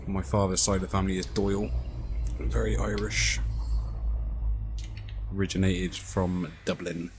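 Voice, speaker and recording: A man's voice: low voice, level tone, a little slow, pauses often, noisy background. A man streaming a space game, chatting casually, swearing freely and laughing easily. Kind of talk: casual gaming chat.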